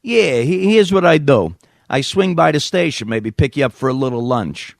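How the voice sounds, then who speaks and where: A man's voice: fairly high pitch, expressive, moderate pace, creaky, no echo, studio quality. A man voicing a smarmy, pushy male caller with a New York accent who keeps hitting on a radio host.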